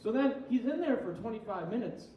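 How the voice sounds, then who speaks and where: A slightly tipsy young adult man performs a crude, rambling, self-deprecating stand-up set at a small venue, his high voice expressive and brisk. The recording is echoey and distant, with cut-off highs and background noise.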